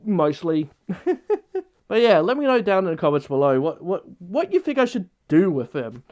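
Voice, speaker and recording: A man's voice: high voice, sing-song, moderate pace, darkish tone. A man vlogging in an unscripted casual chat, rambling and hesitant with many restarts.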